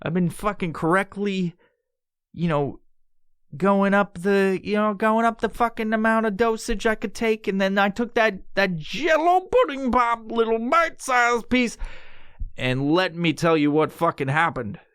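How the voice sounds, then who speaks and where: A man's voice: sits high, unhurried, smooth, no echo, studio quality. A man hosting a podcast, telling a casual story full of swearing and acted-out quotes. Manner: profane, animated, acts out quotes. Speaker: podcast host.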